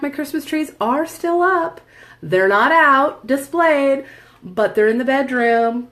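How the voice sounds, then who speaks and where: A woman's voice: on the high side, animated, measured pace, creaky, a bit bright. A woman at home chatting casually while doing her makeup in front of a camera, rambling and laughing often. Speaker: makeup vlogger and seller. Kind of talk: casual tutorial chat.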